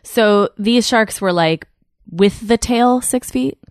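A woman's voice: on the high side, slow, clear, resonant tone, no echo, clean studio sound. A woman comedian telling stories as a podcast guest, full of fillers and restarts. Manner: animated storyteller with many fillers and restarts. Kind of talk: casual podcast chat.

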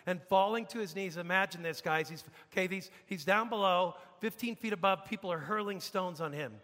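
Male pastor preaching, emphatic and dynamic, high voice, long hall reverb. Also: brisk. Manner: emphatic preacher, swings from hushed to loud. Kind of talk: sermon.

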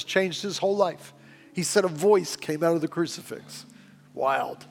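Earnest preaching man, bright-pitched. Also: a little slow, creaky. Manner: earnest, pleading, drops to hushed tones. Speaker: pastor. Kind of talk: sermon. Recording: long reverb with faint music behind.

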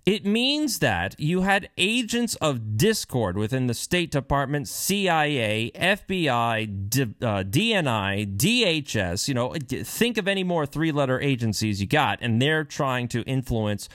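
A man's voice: mid-range voice, sing-song, measured pace, few pauses, a bit bright, no room sound, clean studio sound. A man giving heated, sarcastic political commentary while reading and remarking on news.

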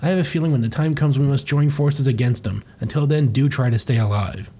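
A man's voice: mid-range voice, a little fast, mellow, breathy edge, natural voice. A man reading the lines of a stern, proud male warrior archer in a lofty, condescending tone. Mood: haughty.

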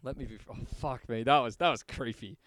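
A man co-hosting a podcast in casual, joking chat, animated and loose with swearing. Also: medium pitch, fairly quick, no echo. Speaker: podcast co-host.

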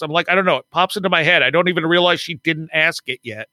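A man's voice: a little high, fast, pushed and bright, no room sound. A man guest on an interview podcast, telling stories casually, acting out quoted dialogue and laughing often. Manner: chatty, acts out quoted dialogue, frequent laughs. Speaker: podcast guest, author and paranormal researcher.

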